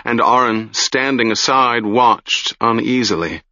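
A man narrating a fantasy audiobook in a measured, deliberate storytelling manner. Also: mid-range voice, pushed and bright, no room sound, muffled recording.

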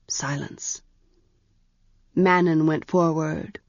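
A woman with a somewhat low voice reads a storybook aloud as an audiobook narrator, keeping her scripted delivery measured and even. The recording is dull and dry.

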